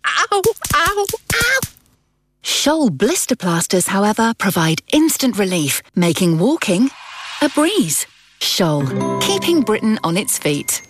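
A woman's voice: medium pitch, slow, pauses often, husky, heavily acted. A woman voice artist reading playful radio commercials over a music bed. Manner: playful, lively. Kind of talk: scripted radio ad read.

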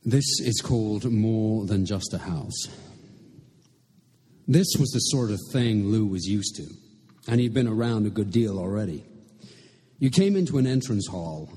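A man's voice: on the low side, moderate pace, dark tone, slightly rough. A man reading a story aloud to an audience, with a dry, wry delivery and small asides. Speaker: reader at a literary reading. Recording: echoey hall with long reverb.

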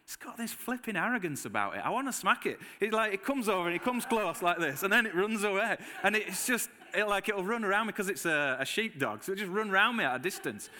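Animated preacher in a reverberant church. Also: male voice, high-pitched, fast, hardly any pauses. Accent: Northern English. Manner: animated storytelling, acts out his own reactions. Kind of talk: sermon with personal stories. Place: church hall.

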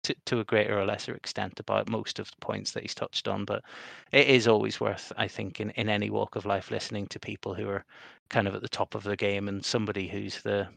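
A man's voice: fairly low pitch, level tone, brisk, vocal fry, hardly any pauses, fairly bright tone, no room sound. A man co-hosting a casual gaming podcast, rambling and often repeating words as he restarts his sentences. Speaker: podcast co-host.

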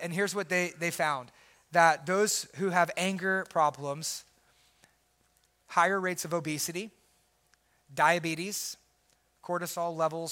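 A man preaching a sermon as pastor, swinging from loud emphatic preaching to quiet, intense asides. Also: fairly high pitch.

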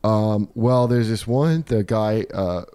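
A man's voice: fairly low pitch, slow pace, mellow. A man co-hosting a podcast, throwing profane joking asides into casual banter. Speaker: podcast co-host.

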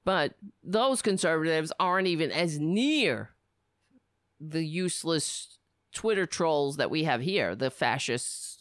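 Scathing woman ranting, pitch swinging. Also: dry recording, studio quality. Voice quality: profane, scathing, sarcastic. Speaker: political commentary host. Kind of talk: angry political rant.

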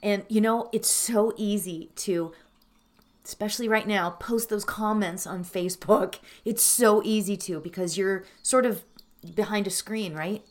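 Here a woman sets up a guided meditation in a mid-range voice. Her tone is heartfelt and emotional, broken by hesitations, tearfulness and gentle laughter.

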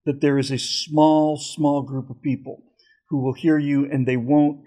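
A male host telling a story in casual chat, pausing and searching for words. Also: fairly high pitch, level tone, dark tone.

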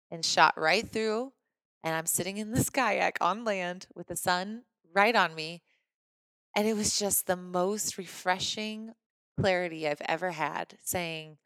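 A podcast host from Missouri, a woman with a mid-pitched voice, telling a personal story in an animated, chatty way. She leans on casual fillers as she goes. The recording is dry and close, with no room sound. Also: no echo.

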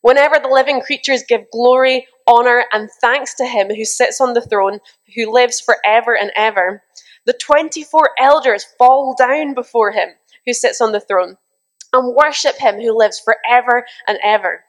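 A young woman preaching a lively sermon, reading scripture and telling animated stories with mimicked exclamations. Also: fairly high pitch, normal speed.

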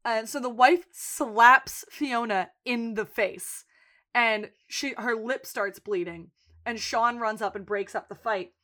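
A woman's voice: a little high, slow pace, pushed and bright. A woman co-hosting a podcast, casually recapping a TV episode and acting out the characters' lines, with plenty of swearing. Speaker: podcast co-host.

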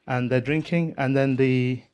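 A man's voice: medium pitch, fairly even intonation, unhurried, darkish tone, clean tone. Rambling man telling a joke. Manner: rambling, self-correcting storyteller. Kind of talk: telling a joke in casual chat.

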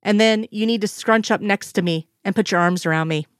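A woman voicing a playful, energetic female agent who coaxes and teases in a sing-song way, in an audiobook reading. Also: medium pitch, brisk, smooth, no echo, studio quality, lightly acted. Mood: eager. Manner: coaxing, sing-song teasing.

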